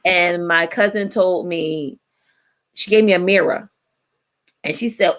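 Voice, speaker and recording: A woman in her forties, co-hosting a radio talk show and telling stories in a playful, animated way. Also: fairly low pitch, a little slow, pauses often. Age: 40s. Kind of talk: casual chat.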